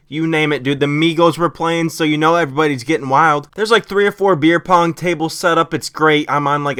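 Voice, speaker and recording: Casting: young guy, bright crisp voice, dry close mic, cocky storyteller. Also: on the high side, no echo. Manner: profane, brash, mock-tough party bravado. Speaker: storyteller over gameplay. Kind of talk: casual comedic storytelling.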